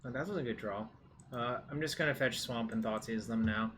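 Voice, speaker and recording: A man's voice: medium pitch, fairly quick, fairly bright tone, slight background noise. A man commentating his own card game match in a casual way, thinking aloud and swearing now and then.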